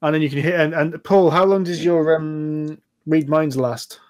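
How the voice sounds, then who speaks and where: A man narrating a tabletop role-playing game as game master, chatty and quick to laugh, recorded over a voice call. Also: fairly high pitch, steady tone, darkish tone.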